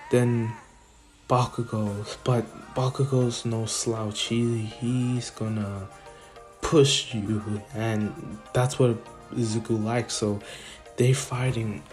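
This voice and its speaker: A man's voice: mid-range voice, darkish tone. A man casually retelling an improvised fan story, rambling with many restarts and chuckles.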